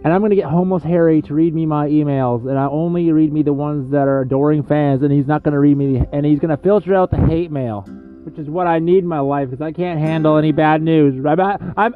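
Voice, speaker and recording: A man hosting a comedic podcast monologue, rambling between hushed spooky storytelling and yelling rants. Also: a little high, steady tone, a little fast, narrow, tinny audio, soft background music. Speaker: podcast host.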